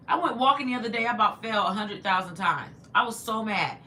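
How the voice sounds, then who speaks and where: This livestream host speaks quickly with few pauses, her pitch medium, as she chats from inside her house and reads viewer comments aloud. Animated and chatty, she talks back to her viewers and to her pet, and a little hiss or hum sits under the audio.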